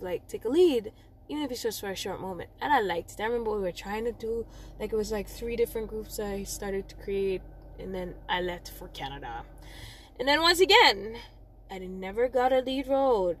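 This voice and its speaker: A young Jamaican woman with a Jamaican accent, talking casually about her own past. Her voice sits a little high, and she rambles, doubles back to correct herself and laughs at her own slips. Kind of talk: casual personal storytelling.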